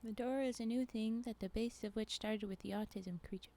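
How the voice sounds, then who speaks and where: A woman streamer chatting casually with her viewers while playing a game. She laughs often, is playful, and drops into quiet muttering and half-whispers while she concentrates. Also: fairly high pitch, fairly quick. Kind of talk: casual chat while gaming.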